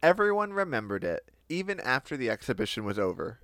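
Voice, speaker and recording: Male comedy podcast co-host, bright, very animated narrator, dry close mic. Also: mid-range voice, quick pace, no echo. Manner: animated storyteller, laughs often, bursts into silly quoted voices. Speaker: podcast co-host telling the story. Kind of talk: casual comedic podcast chat.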